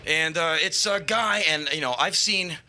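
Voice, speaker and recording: A man telling a live spoken-word story on stage into a stage microphone, animated and swearing, jumping to shouts at the peaks. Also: a little high, moderate pace.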